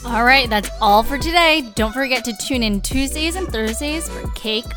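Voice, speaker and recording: A woman's voice: a little high, moderate pace, over music. A young woman co-hosting a podcast in casual chat, giggly and enthusiastic. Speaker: podcast co-host.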